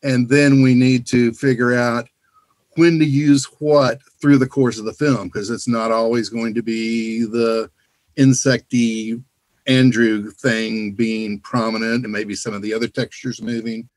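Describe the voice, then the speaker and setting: A man's voice: mid-range voice, little pitch movement, measured pace, darkish tone, no room sound. A man speaking as a sound designer in a casual Q&A over a video call, rambling and full of "you know" fillers.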